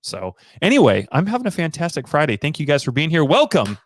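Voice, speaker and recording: A man's voice: fairly high pitch, huge pitch swings, fast talker, dry recording, studio quality. A young man hosting a casual livestream show, playful and theatrical, drifting into silly voices, talking over a video call. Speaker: podcast host.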